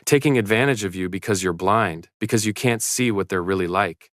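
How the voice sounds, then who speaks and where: A manipulative drunk father who slurs and insists on his rights, voiced by a man. The voice sits deep and low, clear and dry. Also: fairly quick, a bit bright, no echo, natural voice. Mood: insistent. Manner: slurred, pleading, insistent.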